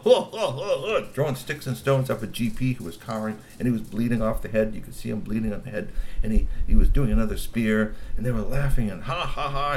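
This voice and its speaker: A man's voice: lowish voice, darkish tone, slight background noise. A man telling a long story with exclamations, laughing asides and repeated words. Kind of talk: animated oral storytelling.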